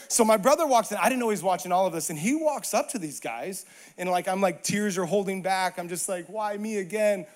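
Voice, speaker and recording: Animated high-voiced male preacher. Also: brisk. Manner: animated storytelling, acts out quotes, builds to emphatic preaching. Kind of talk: sermon with personal story.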